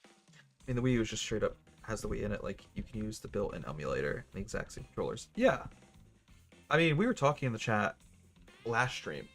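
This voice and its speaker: Joking young male game streamer, low voice. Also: big pitch swings, a little fast, fairly bright tone, soft background music. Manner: joking, rambling, sarcastic. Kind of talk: gaming livestream chat.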